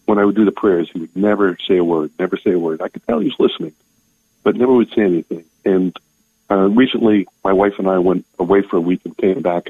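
Older male caller, deep voice, tinny phone line, earnest. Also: husky, no room sound. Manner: earnest, halting, emotional. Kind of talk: phone-in testimony. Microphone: telephone.

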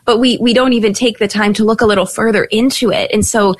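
A young woman hosts a live Catholic radio talk show, with a voice pitched a bit high. She talks in a chatty, upbeat way and laughs easily. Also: fairly even intonation. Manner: warm, laughing, speaks phone numbers slowly.

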